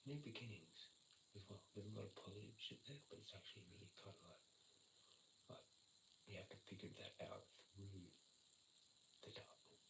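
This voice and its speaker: A man rambles through a casual livestream, swearing freely and punching out little sound effects. His voice sits low and gravelly. He is picked up in an echoey room with loud noise behind him.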